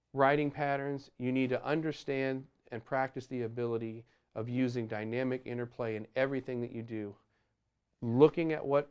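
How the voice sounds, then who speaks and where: A man teaching a drum lesson, explaining dynamics in a relaxed way and sometimes scatting phrases, with drums playing behind him. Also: mid-range voice, clear, resonant tone. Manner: explains while playing, counts beats aloud loudly over drums; scats horn phrases to show accents. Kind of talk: instructional lesson. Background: drum kit playing.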